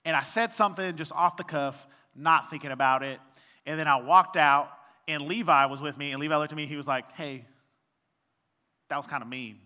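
A man's voice: a little high, brisk, bright, forceful tone, smooth, in a large hall. A male pastor giving a conversational sermon, telling a personal story with quoted dialogue and reading scripture aloud.

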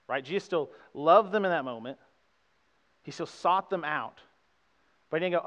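Young male pastor, chatty sermon delivery with quick asides to the room; dull, reverberant church recording. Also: a little high, lively intonation, fairly bright tone. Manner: conversational preaching with frequent "right?" asides. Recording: dull sound with long hall reverb.

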